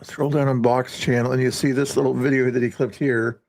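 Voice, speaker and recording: A man's voice: mid-range voice, little pitch movement, fairly quick, a little mellow, no room sound. A man hosting a casual livestream, rambling and often breaking off mid-sentence. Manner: rambling, self-interrupting. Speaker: livestream host.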